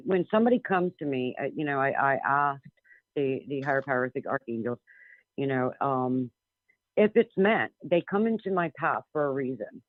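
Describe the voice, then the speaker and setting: A woman's voice: sits low, no room sound. A woman calling in as a psychic medium guest, talking bluntly and emphatically with frequent restarts. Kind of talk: phone-in radio interview. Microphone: telephone. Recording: tinny phone line.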